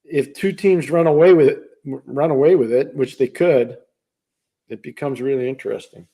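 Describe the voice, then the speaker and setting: An older man co-hosting a hockey podcast, musing in a rambling, halting way with many restarts. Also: medium pitch, warm tone. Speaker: podcast co-host, hockey analyst. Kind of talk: casual hockey podcast chat.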